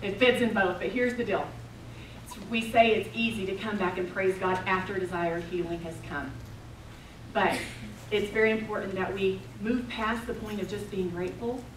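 A woman preaching a sermon at a retreat, telling the story with passion and swinging between loud declarations and hushed, intense moments. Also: medium pitch, noisy background. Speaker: women's retreat speaker. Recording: roomy, distant mic, faint ambience.

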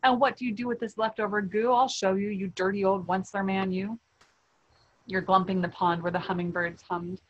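A woman's voice: medium pitch, flat delivery, brisk, lo-fi sound, close to an everyday voice. A woman reading a storybook aloud and voicing a small, cranky male forest creature who snaps and scolds. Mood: angry. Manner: snappish, scolding.

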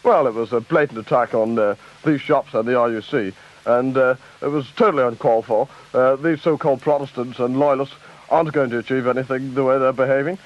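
A man's voice: medium pitch, fairly even intonation, brisk, lightly acted. A man playing an earnest, hesitant politician who fills his speech with "uh". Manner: hesitant, many "uh" fillers, indignant. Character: earnest quick-talking middle-aged male politician. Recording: dull lo-fi tape.

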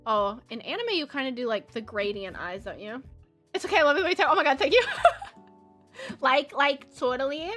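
A chatty woman streamer with a Valley Girl accent rambles and giggles as she draws, leaning on "like" constantly. Her voice is sharp and bright and sits a little high. Soft music plays behind her. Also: expressive, fairly quick. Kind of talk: casual chat while drawing on stream. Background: soft background music.

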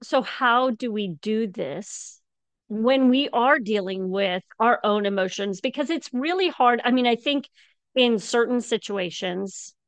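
A woman's voice: fairly high pitch, measured pace, no room sound. A woman podcast host asking earnest, searching questions. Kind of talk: interview questions.

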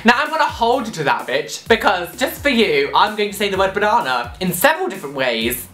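Gushing young man, lively, roomy. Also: high-pitched, brisk. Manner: gushing, excitable, swears a lot. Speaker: vlogger. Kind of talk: casual vlog chat.

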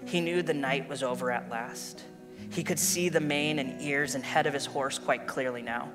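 Man preaching over soft guitar. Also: medium pitch, normal speed. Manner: earnest storytelling, animated. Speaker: pastor. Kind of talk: sermon with read-aloud story. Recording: long hall reverb with guitar music.

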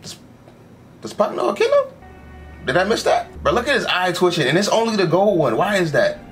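A man's voice: sits high, wildly swooping pitch, brisk, soft background music. A young man giving casual, slang-filled commentary while reacting to an anime episode, talking back at the screen. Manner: slangy, talks back to the screen, says "bro" constantly.

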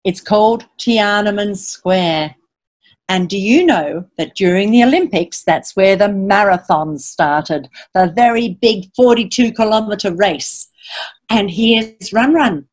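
A woman, a children's author, reading a picture book aloud to children as an animated storyteller, reciting rhyming verse and asking her listeners questions. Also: mid-range voice. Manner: reads rhyming verse in lively sing-song.

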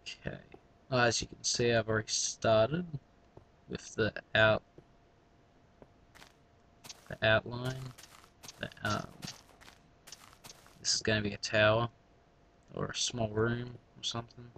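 A man's voice: fairly low pitch, level tone, slow, vocal fry, pauses often, pushed and bright, a little hiss or hum. A man giving casual gameplay commentary, rambling through mumbled asides to his viewers. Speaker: let's play gamer.

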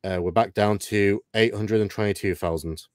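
A man from the UK co-hosting a casual livestream, matter-of-fact and quick to chuckle. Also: on the low side, steady tone, dry recording, clean studio sound. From United Kingdom. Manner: matter-of-fact, chuckles often, light swearing. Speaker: co-host. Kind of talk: casual livestream chat, reading out ratings.

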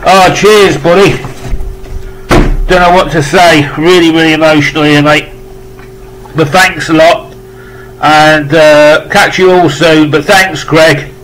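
British male vlogger, slightly raised pitch, effusive rambling unboxing chat, faint background noise. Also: steady tone, takes it slowly, long pauses, a bit bright, low-quality recording. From United Kingdom. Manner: rambling, effusive, joking asides.

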